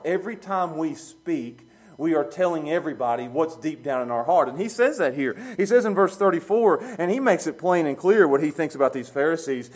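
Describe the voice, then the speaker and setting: A man preaching a sermon, plain-spoken and chuckling, swinging from quiet low musing to loud emphatic peaks. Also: lively intonation, a little fast. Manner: plain-spoken, uses street talk and chuckles.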